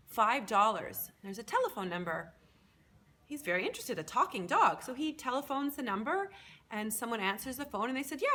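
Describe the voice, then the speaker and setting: A woman professor telling a long joke in an animated storytelling way. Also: fairly high pitch, slight background noise.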